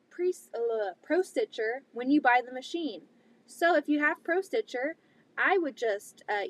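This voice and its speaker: A woman quilting vlogger telling a story to the camera in a casual, chatty way, with lots of "um" and "like". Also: high voice. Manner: chatty, full of "um" and "like", animated retelling.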